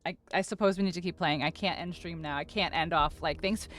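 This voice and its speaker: A woman's voice: lowish voice, fairly even intonation, fairly quick, fairly bright tone. A woman streamer in casual live-stream chat, flustered and overwhelmed, gushing thanks to her viewers and tripping over her words, close to tears.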